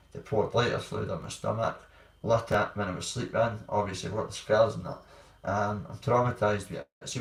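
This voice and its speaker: A Scottish man telling his own hard stories in a blunt, rambling way, swearing freely. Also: on the low side. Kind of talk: candid personal storytelling. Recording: roomy sound, distant from mic.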